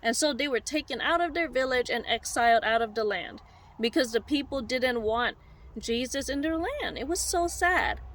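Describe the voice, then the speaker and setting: High-voiced woman preaching with feeling. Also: normal speed. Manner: animated, heartfelt, direct to listeners. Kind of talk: sermon storytelling.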